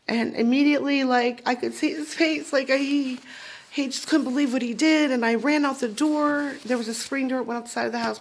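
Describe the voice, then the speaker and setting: A woman telling a personal story to the camera in a candid, confessional way, growing emotional and tearful. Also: fairly high pitch. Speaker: vlogger telling her own story.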